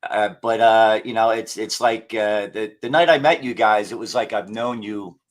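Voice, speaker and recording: A man's voice: lowish voice, fairly even intonation, normal speed. A man talking casually as a podcast guest, rambling with many fillers and restarts. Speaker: guest paranormal investigator.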